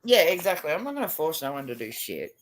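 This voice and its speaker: A woman's voice: low voice, very animated, quick pace, crowd noise, poor audio. A woman hosting a livestream, chatting casually with viewers in a brash, swearing manner. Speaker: livestream host.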